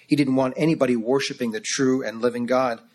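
A man preaching a sermon to his congregation in an earnest, emphatic way, slowing down to stress key words. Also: medium pitch, fairly even intonation, a little mellow.

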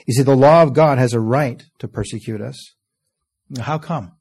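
A man preaching a sermon, earnest, reading scripture slowly and letting phrase ends fall soft. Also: mid-range voice, slightly rough. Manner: earnest, often trailing off softly at phrase ends; reads scripture in slow, stressed King James cadence.

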